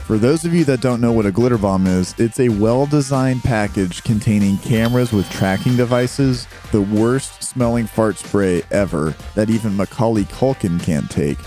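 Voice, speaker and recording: A man's voice: on the low side, moderate pace, few pauses, dark tone, faint music behind. A man hosting and narrating a video, explaining things in a wry, explanatory manner. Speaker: host.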